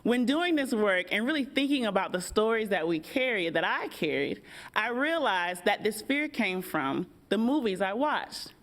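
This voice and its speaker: American woman speaking on a panel. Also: medium pitch. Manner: engaging, asks the audience questions. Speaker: panel speaker, workshop facilitator. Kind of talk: conversational panel talk. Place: event hall.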